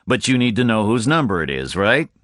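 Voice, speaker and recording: A man's voice: fairly low pitch, big pitch swings, a little fast, fairly bright tone, no room sound, studio quality, pitched above the performer's own voice. A man doing a blunt, pushy drifter. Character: blunt, sharp-tongued male drifter, pressing.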